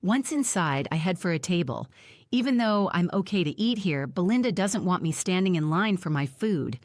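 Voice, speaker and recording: Reading a first-person audiobook at a normal pace, this narrator has a fairly low female voice and a plain, even storytelling style. The sound is close and dry, free of any room sound.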